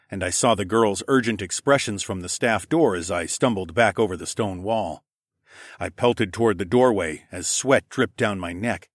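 Low-voiced man narrating an audiobook. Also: fairly bright tone, dry recording, studio quality. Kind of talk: first-person audiobook narration.

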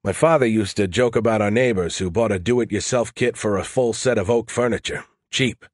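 A low-voiced man tells a first-person story in a wry, conversational way. The recording is dry and close, with no room sound around him. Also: brisk, dry recording. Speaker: audiobook narrator. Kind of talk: first-person audiobook narration.

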